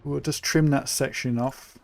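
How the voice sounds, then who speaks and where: A young man from England giving relaxed, chatty live commentary while he plays a city-building game, thinking aloud as he goes. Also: medium pitch, measured pace, gravelly, no echo. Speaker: streamer.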